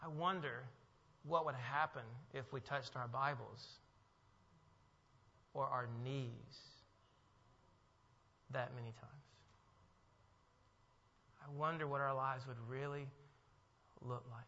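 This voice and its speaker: A male pastor preaching a sermon in a church, moving from hushed reflection to emphatic, rising delivery. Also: mid-range voice, steady tone, slow, vocal fry, pauses often. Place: church sanctuary. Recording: muffled sound with long hall echo.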